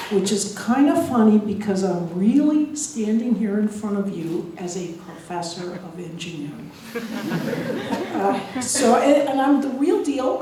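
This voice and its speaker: American woman lecturer, mellow, lively storyteller, roomy hall, distant mic. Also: medium pitch, a little hiss or hum. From United States. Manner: lively storytelling, laughs at own jokes. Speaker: guest lecturer, engineering professor. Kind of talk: public lecture with anecdotes. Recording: echoey hall, voice from afar.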